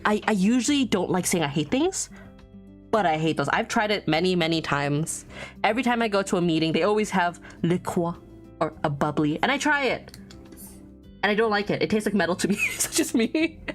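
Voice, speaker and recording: A woman's voice: on the low side, lively intonation, fairly quick, soft background music. A young adult woman livestreaming as a VTuber, chatting casually with her viewers, rambling and thinking aloud and laughing often. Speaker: VTuber streamer.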